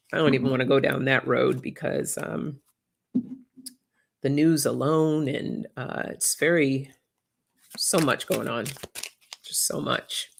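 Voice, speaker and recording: An oracle card reader hosting a casual livestream, chatting warmly with viewers, reading out their comments and getting emotional. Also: medium pitch, steady tone, slow pace, creaky, pauses often. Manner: effusive, reads viewer comments aloud, gets emotional.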